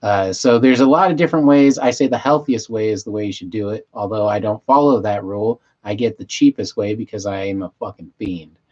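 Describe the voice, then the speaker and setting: A man with a fairly low voice talks loosely on a home livestream, high and wandering off mid-sentence. He swears casually and restarts his thoughts often. The stream audio sounds dull and lo-fi. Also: fairly quick, few pauses, darkish tone. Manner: loose, meandering, self-interrupting, stoned and swearing. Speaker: livestream host. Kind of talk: rambling casual livestream chat, reading chat aloud.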